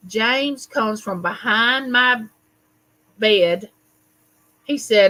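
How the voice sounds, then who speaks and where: A woman's voice: fairly high pitch, a little slow, bright, forceful tone, poor audio. A woman, hosting a casual livestream, telling a story with animation and greeting viewers by name. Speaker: livestream host.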